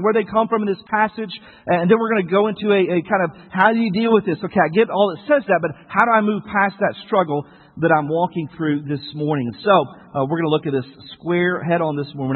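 High-voiced pastor in an echoey hall. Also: male voice, husky. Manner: earnest, questioning, repeats key phrases. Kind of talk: sermon. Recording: tinny, echoey hall sound.

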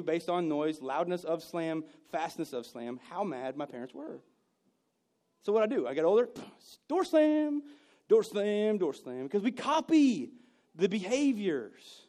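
A man preaching a sermon, telling personal stories and moving between loud bursts and hushed moments. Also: high voice, animated, normal speed. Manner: storytelling, swings from loud to hushed. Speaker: pastor.

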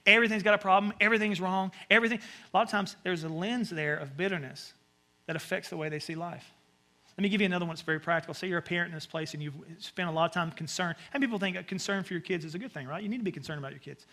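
High, bright-voiced Southern pastor preaching. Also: male voice, very fast. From American South. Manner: conversational preaching with sudden animated asides. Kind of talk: sermon.

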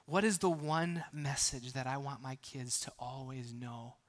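A man pastor preaching a sermon in a conversational way, with frequent restarts and playful asides, moving between hushed, near-whispered lines and loud, emphatic bursts. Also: mid-range voice, steady tone, unhurried. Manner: playful humor between earnest points.

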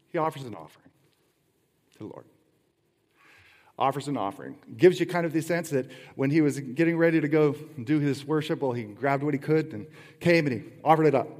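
Man, middle-aged pastor, chatty sermon, rhetorical questions, medium pitch, long hall echo. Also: darkish tone. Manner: conversational preaching with rhetorical questions and playful asides.

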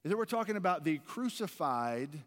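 A man's voice: a little high, big pitch swings, moderate pace, fairly bright tone. A man preaching a sermon as pastor, earnest and conversational, often restarting his phrases. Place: large church sanctuary. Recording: long reverb of a church hall.

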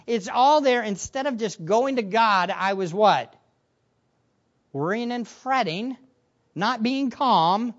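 A man preaching a sermon as pastor, animated, acting out the disciples' voices with sudden loud bursts. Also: sits high, slow pace, muffled recording.

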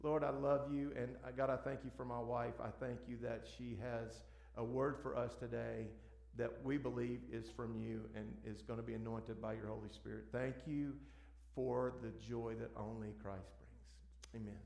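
Male pastor, gravelly tone, halting repeats, echoey sanctuary; for a sermon intro. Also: mid-range voice, little pitch movement. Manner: repeats words, warm halting delivery. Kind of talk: church sermon introduction and prayer. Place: church sanctuary.

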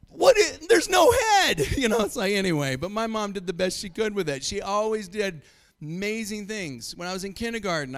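A man's voice: high voice, creaky. A middle-aged man from Montana preaching a sermon, telling stories and chuckling often. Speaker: pastor.

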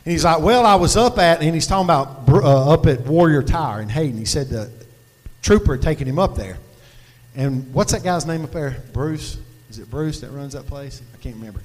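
A man's voice: a little high, brisk, a little mellow. A man preaching a sermon, telling a story in a folksy, conversational way. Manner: folksy, conversational, Southern turns of phrase. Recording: long hall reverb.

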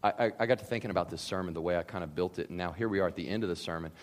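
A man preaching a sermon, animated and conversational, acting out the voices of imagined people. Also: sits low, very fast, big-room sound. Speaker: pastor.

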